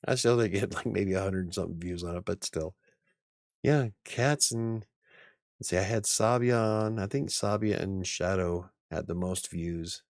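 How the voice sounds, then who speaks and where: Male host in his forties, very low gravelly voice, loose rambling chat with a dry, close sound. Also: normal speed, no echo. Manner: rambling, chuckles often. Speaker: channel host. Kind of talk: casual live-stream chat.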